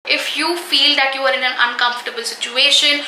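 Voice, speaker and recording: Young woman vlogging, bright high voice, sassy and animated, kinda echoey room. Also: a little fast, slight background noise. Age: young adult. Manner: animated, sassy, calls viewers honey. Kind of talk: motivational talk to camera.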